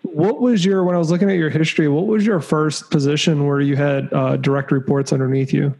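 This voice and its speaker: A man hosting a podcast, asking relaxed, chatty questions and laughing along with his guest. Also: on the high side, brisk, vocal fry, poor audio. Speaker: podcast host. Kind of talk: casual interview chat.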